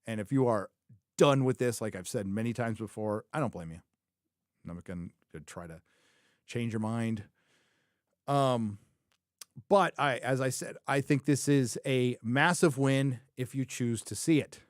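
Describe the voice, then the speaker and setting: Male livestream host, mid-pitched, opinionated and rambling, close dry sound. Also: a little slow, no room sound. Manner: opinionated, repeats his own phrases for emphasis; rambling, thinks aloud, frequent self-corrections. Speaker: show host reviewing a TV series. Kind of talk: casual livestream commentary.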